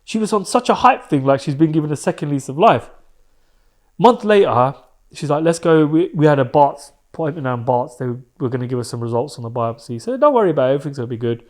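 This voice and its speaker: A man's voice: on the high side, animated, fast talker, a little mellow. Candid man telling his story. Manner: candid, emotional, swears, slangy. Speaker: podcast guest. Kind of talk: personal storytelling.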